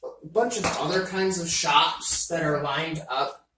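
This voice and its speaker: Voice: medium pitch, fairly even intonation, unhurried, very echoey, far from the mic, background noise. A game master narrating a tabletop game with loose, rambling descriptions full of fillers.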